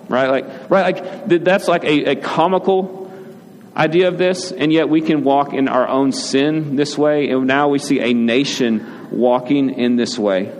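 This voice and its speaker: This adult father and pastor preaches a conversational sermon at normal speed and medium pitch. He regularly asks "right?" and acts out short quoted lines, recorded in an echoey hall with faint ambient noise.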